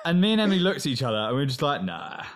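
Lively London-accented man. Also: on the high side, rapid-fire. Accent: London English. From England. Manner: animated storyteller, acts out quotes. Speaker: podcast co-host. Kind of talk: casual chat.

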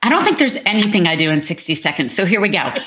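A woman's voice: on the low side, very animated, quick pace, noisy background. A woman author speaking expressively during a book event livestream, laughing often, heard over a video call.

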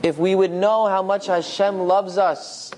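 Man, sermon storytelling, dramatic, animated, high voice. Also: unhurried, slight background noise. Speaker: storyteller, religious speaker.

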